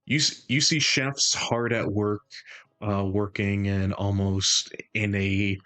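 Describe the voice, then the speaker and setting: A man narrating a tabletop game as game master, in a halting way with many restarts. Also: lowish voice, a bit bright.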